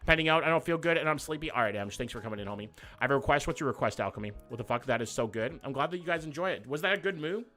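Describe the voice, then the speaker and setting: A man's voice: medium pitch, animated, rapid-fire, hardly any pauses, bright, forceful tone, faint music behind. A young man hosting a livestream, reading viewer comments in loose, profane, joking banter. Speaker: livestream host. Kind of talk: casual live chat reading viewer comments.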